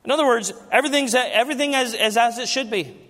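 A man in his thirties with a notably high voice delivers a sermon from the pulpit. He talks to the congregation like friends and keeps asking them questions. His voice rings out with the long reverb of a large church hall. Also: quick pace, a bit bright. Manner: conversational preaching with rhetorical questions to the congregation. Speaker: pastor. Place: church sanctuary during a service.

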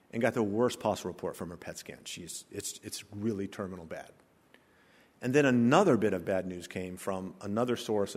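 A man in his sixties, a pastor, preaching a sermon that swings from quiet asides to loud emphatic lines. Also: lowish voice, husky. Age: 60s. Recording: long hall reverb.

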